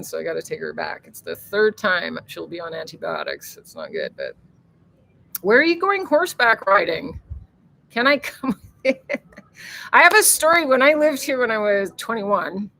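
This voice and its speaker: A woman's voice: medium pitch, bright, forceful tone. A woman hosting a casual livestream, chatting and reading viewer comments aloud, swearing freely. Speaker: livestream host.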